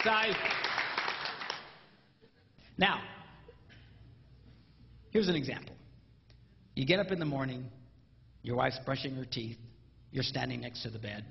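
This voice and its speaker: A man doing a stand-up comedy routine, animated and acting out spouses in mimicked voices. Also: a little high, measured pace, vocal fry, long pauses, some chatter behind, slight background noise. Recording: roomy live hall, dull lo-fi sound.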